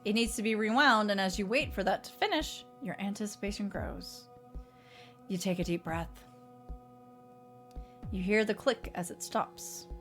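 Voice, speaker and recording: Woman streamer, reads horror story slowly in second person, quiet faint music behind. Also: mid-range voice. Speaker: streamer reading a visual novel.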